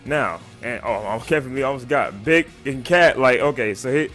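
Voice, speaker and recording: A man casually reviewing a show for his channel, rambling and excited, full of slang and fillers. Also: medium pitch, normal speed, soft background music. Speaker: YouTube reviewer.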